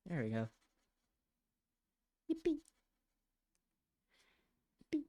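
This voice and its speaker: A woman with an extremely low, lively voice speaks slowly and pauses often while live streaming herself drawing. Using a desk microphone at home, she chats casually, mutters to herself as she works, and sometimes gushes to her cat.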